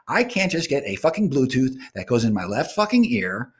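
Profane male vlogger, husky voice, swooping pitch, ranting rhythm. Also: very animated, fairly quick, hardly any pauses. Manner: profane, ranting, swings between loud outbursts and muttered asides. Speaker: online show host. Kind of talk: profane rant to camera.

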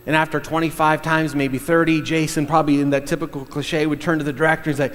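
A middle-aged man telling a story in a sermon, halting, with many fillers and restarts. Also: a little high, level tone, a bit bright, in a large hall.

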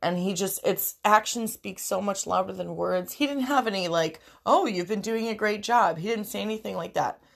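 A woman's voice: mid-range voice, normal speed, creaky, few pauses. A young woman speaks straight to her viewers in a personal vlog. She is crying through her words, her voice thick with tears, and swears freely. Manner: tearful, emotional, swears freely. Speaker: vlogger.

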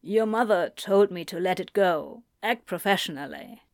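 Woman reading as a halting, earnest doctor. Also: lowish voice, no room sound, studio quality, close to an everyday voice. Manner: halting, apologetic. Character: earnest middle-aged male doctor, hesitant father.

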